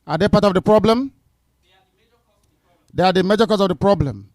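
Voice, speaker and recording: A man's voice: high voice, a little fast, a little mellow, clean studio sound. A man speaking at a town hall debate, firm and insistent, repeating short commands. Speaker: movement leader addressing a town hall.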